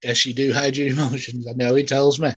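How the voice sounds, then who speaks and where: A man acting as a spiritualist medium offers a live reading, speaking gently and haltingly and often emotionally as he softly reassures someone. His medium-pitched voice stays level and carries a breathy edge. The audio has no echo.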